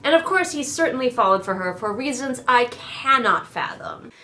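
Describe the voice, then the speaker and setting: A woman's voice: fairly high pitch, animated, moderate pace, sharp tone, a little hiss or hum. A woman with a nasal voice, sitting in a chair at home and giving a sarcastic, casual critique of a book. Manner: sarcastic, snarky. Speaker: book reviewer.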